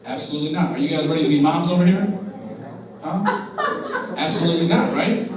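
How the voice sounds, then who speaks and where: A man's voice: a little high, a little fast, darkish tone. A young man speaks earnestly to students at a school assembly as a motivational speaker, asking them questions and urging them to listen. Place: large echoey school room. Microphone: distant from the recording device. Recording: very echoey hall audio from a distance.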